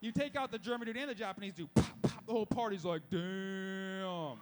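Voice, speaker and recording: A man's voice: high voice, expressive, a little hiss or hum. A young man doing a stand-up set, firing off punchlines and acting out little voices of the people in his jokes. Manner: rapid-fire punchlines with acted-out voices. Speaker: stand-up comedian. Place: live comedy show.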